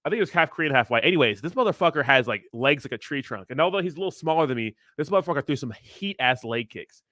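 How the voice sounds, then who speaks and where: A man's voice: fairly high pitch, lively intonation, fast, pushed and bright, no room sound, clean studio sound. Laid-back, foul-mouthed man in his thirties. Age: 30s. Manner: rambling, profane, laid-back, laughs often. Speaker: crypto streamer reading chat. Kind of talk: casual livestream chat.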